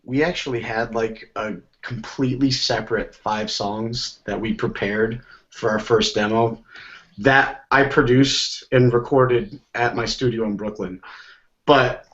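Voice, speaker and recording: A man's voice: mid-range voice, fairly even intonation, unhurried, a bit bright, highs cut off. A young man from Connecticut, a band member guest chatting casually and rambling with frequent restarts. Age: young adult. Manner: rambling, stumbles and restarts often. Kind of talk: casual chat.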